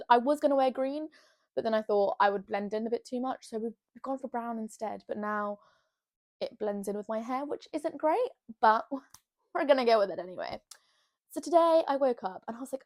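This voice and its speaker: Young woman, twenties, bubbly, self-mocking, rambling vlog chat, slightly high voice. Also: normal speed, a little mellow. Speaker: vlogger. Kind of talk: casual chat to camera. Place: bedroom, sitting on her bed.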